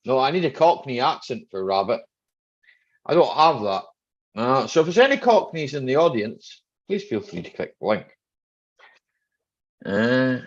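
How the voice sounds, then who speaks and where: Middle-aged Scottish man, gravelly and unhurried, hosts a chatty home live stream; dull lo-fi sound. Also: medium pitch. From Scotland. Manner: chatty, joking, greets viewers by name. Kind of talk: casual live chat reading viewer comments.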